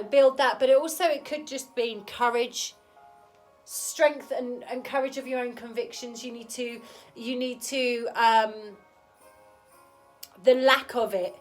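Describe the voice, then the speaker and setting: A woman giving a casual tarot reading to camera, chatty and frank, with a cold. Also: on the high side. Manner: chatty, frank, keeps asking "okay?". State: has a cold. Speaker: tarot reader.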